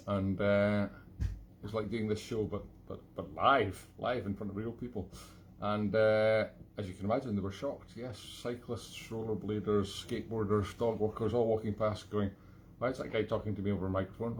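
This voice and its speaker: A Scottish man with a fairly low voice rambles cheerfully between tunes at an online gig. He pokes fun at himself and jokes as he goes, speaking from home in his flat. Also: slight background noise. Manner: rambling, self-mocking and jokey. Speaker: accordion player hosting a live online gig. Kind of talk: casual chat between tunes.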